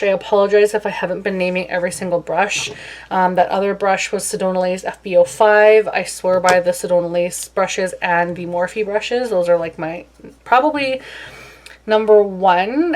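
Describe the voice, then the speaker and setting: A young woman chatting casually through a makeup tutorial, self-deprecating and talkative. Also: mid-range voice. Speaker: beauty vlogger.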